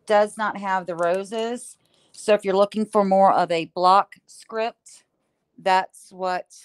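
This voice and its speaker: A woman's voice: medium pitch, smooth. A middle-aged woman hosting a furniture painting livestream, reading viewer comments out in a chatty, friendly way.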